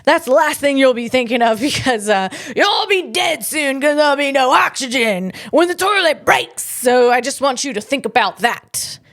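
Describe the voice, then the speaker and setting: A woman comedian talks through her podcast in a loose, rambling way, often laughing at her own stumbles. Her voice sits a little high. The sound is dry and close, with no room around it. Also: clean tone, no room sound. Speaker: podcast host, tech comedian. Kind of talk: casual comedic monologue.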